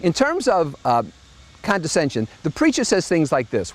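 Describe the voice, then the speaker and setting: A man's voice: a little high, wildly swooping pitch, moderate pace. A middle-aged man hosting a monthly opinion commentary, delivering a sardonic, mocking monologue. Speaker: host.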